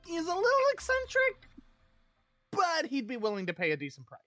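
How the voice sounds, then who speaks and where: A player in a tabletop game, talking in a rambling, animated way and swearing freely. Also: high voice, fairly quick, no echo, faint music behind.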